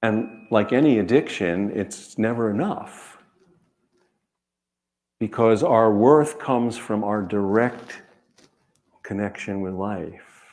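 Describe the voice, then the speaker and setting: A man with a fairly low voice tells a reflective story to a listening audience. He speaks in a measured, earnest way, pausing often and repeating phrases for weight. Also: a little mellow. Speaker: author giving a reading and talk.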